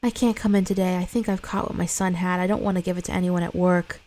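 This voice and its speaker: A woman's voice: on the low side, fairly even intonation, quick pace, a little mellow, natural voice. A woman reading a worn-out, bitter mother. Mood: weary. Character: exhausted, resentful young mother.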